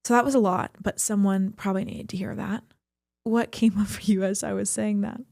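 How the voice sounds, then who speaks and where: A woman's voice: mid-range voice, fairly even intonation, fairly quick, gravelly, mellow, no room sound, studio quality. A young adult woman co-hosting a podcast, talking earnestly and reflectively about her feelings in a flowing, emphatic way. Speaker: podcast co-host. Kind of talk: reflective personal talk.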